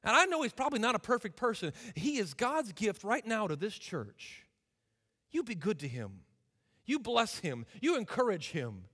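Guy preaching in a church, high bright voice, big reverb off the hall, goes loud then real quiet. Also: very animated, normal speed. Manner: impassioned, swings from loud to hushed. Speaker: guest preacher. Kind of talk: sermon. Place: church sanctuary.

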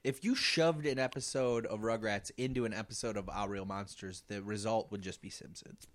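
A man's voice: fairly low pitch, fairly even intonation, normal speed. A man co-hosting a comedy podcast, teasing his guest with mock outrage in casual chat. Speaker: podcast co-host.

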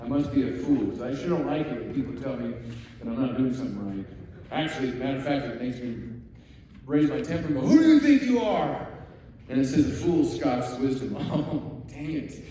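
A man's voice: medium pitch, brisk, a little hiss or hum. A man preaching a sermon, telling stories animatedly and acting out the voices of the people in them. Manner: animated storytelling, acts out quoted voices. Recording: echoey hall from far off.

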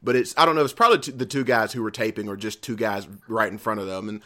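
A man's voice: lowish voice, fast talker, pushed and bright. A man, telling stories in a casual podcast chat, rambling, swearing freely and laughing often. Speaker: podcast co-host.

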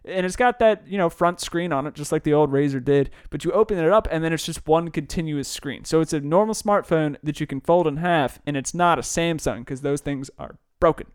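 A man's voice: on the high side, a little fast, hardly any pauses, smooth, no echo, clean studio sound. Laughing rambling man on a podcast. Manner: rambling, laughs often, jokey asides. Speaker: podcast co-host. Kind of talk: casual podcast banter.

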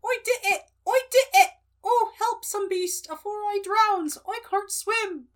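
A hapless young male mole comic, high and squeaky, talking in a rustic country dialect. A woman puts him on while reading out a book scene. He yelps his lines like a clumsy stage performer. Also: a little slow. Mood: panicked.

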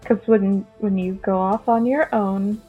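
A woman's voice: medium pitch, steady tone, unhurried, faint music behind. A woman playing a tabletop game, teasing a fellow player's character. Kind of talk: casual tabletop play. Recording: dull lo-fi sound.

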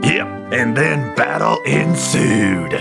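A man's voice: medium pitch, animated, slow, creaky, loud music behind the voice. A man playing a tabletop game, telling tall tales in character with a jokey drawl. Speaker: player. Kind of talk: in-character tabletop role-play.

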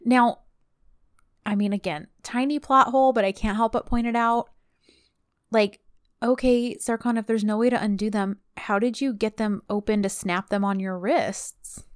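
A woman's voice: a little high, fairly even intonation, normal speed, clean tone, no echo, studio quality. A woman co-hosting a casual podcast, recapping a TV episode and pointing out plot holes. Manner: chatty storyteller, picks at plot holes. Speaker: podcast co-host recapping a TV series. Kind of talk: casual chat.

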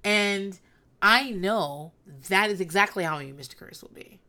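A woman's voice: medium pitch, normal speed, pushed and bright. A woman in her thirties hosting a solo podcast, telling stories bluntly and profanely with a rambling, candid delivery. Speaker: podcast host.

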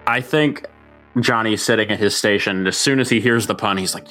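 A man chats casually as a tabletop game player. His voice is bright and forceful, set fairly low, and he rambles and restarts his sentences often. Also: fairly quick, soft background music. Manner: rambling, self-correcting.

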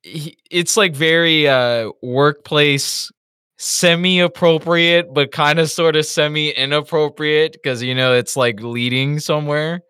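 Bright-voiced man in casual profane chat. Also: a little high, slow, clean tone, no echo, clean studio sound. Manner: profane, animated storytelling. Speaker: podcast co-host.

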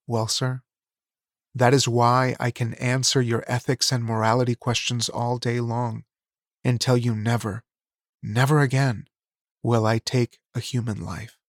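A man voicing a remorseful incarcerated man who speaks in a quiet, firm, trembling voice, with music behind. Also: medium pitch, little pitch movement, unhurried, no echo, studio quality, lightly acted. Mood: somber. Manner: trembling, restrained voice. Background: background music.

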